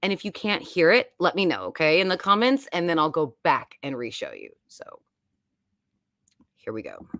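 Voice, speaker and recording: A woman's voice: sits low, wildly swooping pitch, normal speed, a bit bright, no room sound, studio quality. A woman, hosting a casual, rambling live-stream chat from home. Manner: chatty and rambling. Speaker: YouTube host.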